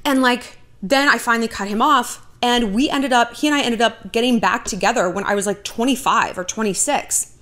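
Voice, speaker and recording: A woman's voice: on the high side, a little fast, few pauses, a bit bright. A woman in her thirties hosting a vlog, telling a personal story to the camera in a blunt, profane way with dry sarcasm. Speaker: vlog host.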